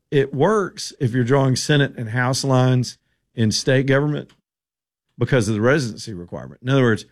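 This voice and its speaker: Opinionated man hosting talk radio. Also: mid-range voice. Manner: opinionated, rambling, sarcastic asides. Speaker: radio talk show host. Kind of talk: casual political commentary.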